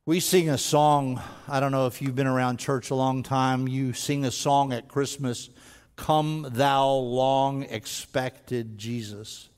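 A man preaching a sermon as senior pastor, talking conversationally with frequent stammered restarts and building into intense rhetorical questions. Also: mid-range voice. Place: large church sanctuary. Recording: long hall reverb from a large sanctuary.

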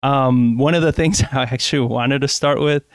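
A man co-hosting a casual talk show, chatting in a relaxed, rambling way with lots of fillers. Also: medium pitch, normal speed, smooth, no echo, studio quality. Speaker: podcast co-host. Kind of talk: casual chat.

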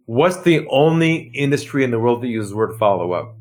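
Animated man acting out sales stories. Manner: animated storyteller, acts out phone calls, drops voice low for effect. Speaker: sales trainer guest. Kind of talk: podcast interview storytelling.

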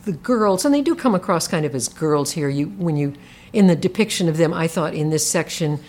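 A woman co-hosting a casual book chat, talking haltingly with many restarts. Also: deep voice, animated, darkish tone. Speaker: podcast co-host discussing a book.

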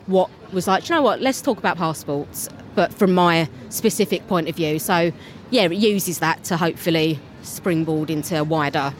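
A woman with a Cockney accent, tired straight off stage, chatting as an interview guest in a scattered way and laughing often. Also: lowish voice. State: tired, fried after a show. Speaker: theatre performer and interview guest. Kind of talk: casual interview chat. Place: festival venue straight after a show.

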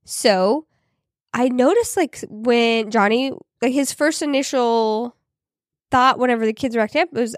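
A woman's voice: a little high, unhurried, dry recording, clean studio sound. A woman co-hosting a podcast, talking in casual chat with many fillers. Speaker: podcast co-host.

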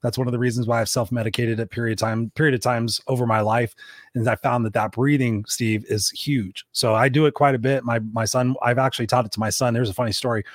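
A man's voice: medium pitch, steady tone, fast talker, dry recording, clean studio sound. A man co-hosting a podcast, chatting casually, telling rambling personal stories with a bit of swearing. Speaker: podcast co-host and coach.

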